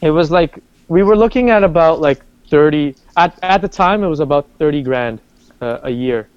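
A man telling personal stories in casual conversation, animated, with many restarts and acted-out quotes. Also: a little high, moderate pace, smooth, dry recording. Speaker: guest. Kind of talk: casual storytelling. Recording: dull lo-fi sound.

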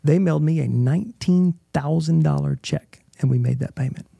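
Gravelly, husky man telling his story. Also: a little high, mellow, dry recording. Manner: earnest, halting storytelling with restarts. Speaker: interview guest. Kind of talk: emotional personal testimony.

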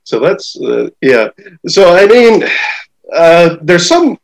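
A middle-aged podcast host, slightly high-voiced and gravelly, conducts a casual interview chat, speaking slowly with big pitch swings. He's hesitant and rambling, full of fillers, and the recording is rough.

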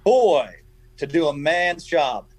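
Guy putting on a needling italian poker player, deep voice, slow drawn-out words, no room echo. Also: animated. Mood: taunting.

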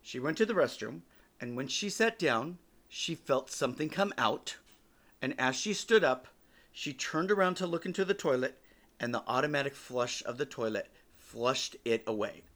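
A man in his forties hosts a podcast and tells personal stories in a relaxed, joking manner. His voice sits at a middle pitch, and he swears now and then. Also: normal speed. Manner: casual, joking, swears freely. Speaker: podcast host.

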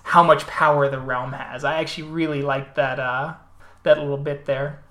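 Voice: medium pitch, little pitch movement, moderate pace, bright, forceful tone. A podcast host in casual chat about tabletop games, telling stories with frequent laughter. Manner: storytelling, laughs often. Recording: roomy echo.

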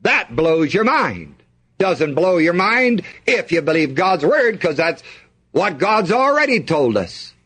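A man's voice: high-pitched, sing-song, takes it slowly, fairly bright tone, breathy edge. A man preaching a sermon, reading scripture aloud and asking the congregation to fill in the missing words.

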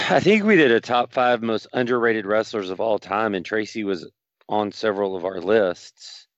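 A man co-hosting a podcast, speaking in a slow, thoughtful way and clearing his throat now and then. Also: on the low side, fairly bright tone, no room sound, highs cut off. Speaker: podcast co-host. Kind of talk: casual podcast chat.

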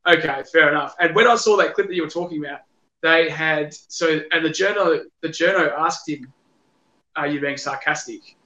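A man's voice: fairly high pitch, fairly quick, pushed and bright, muffled recording. A man co-hosting a podcast, giving blunt, opinionated takes in casual banter. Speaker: podcast co-host. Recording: roomy echo.

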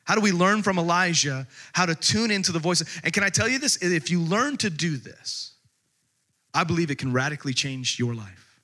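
A man preaching a sermon as pastor, emphatic, his voice swinging from loud outbursts to hushed asides. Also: fairly high pitch, lively intonation, normal speed.

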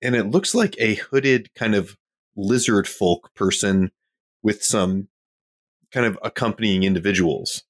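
A man's voice: lowish voice, expressive, a little slow, dry recording, studio quality. A man playing a tabletop game, easygoing and describing what he sees. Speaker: player. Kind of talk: casual tabletop play.

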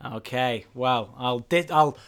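A man co-hosting a podcast in casual chat, animated and laughing often, with excited protests. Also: medium pitch, slow, smooth. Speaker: podcast co-host.

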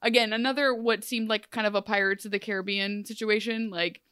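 A woman's voice: mid-range voice, brisk, smooth, no echo, clean studio sound. A woman co-hosting a podcast, casual and joking, telling a story with lots of asides. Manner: chatty, joking, animated storytelling. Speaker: podcast co-host. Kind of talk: casual chat.

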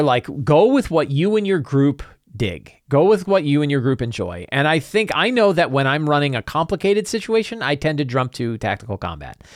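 Animated middle-aged man, lively pitch. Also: no room sound, clean studio sound. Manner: animated, acts out player and game master lines in quick asides. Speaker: talk show host. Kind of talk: solo casual talk about tabletop games.

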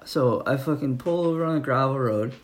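A man's voice: medium pitch, brisk. A young man telling a story in casual chat, swearing often and laughing as he rambles.

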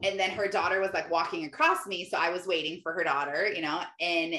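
A woman hosting a casual mindset podcast, telling stories in a chatty, animated way full of filler words. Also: fairly low pitch, fairly quick. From Michigan, United States. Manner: chatty, lots of "like", animated storytelling. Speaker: podcast host. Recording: roomy echo with faint music.

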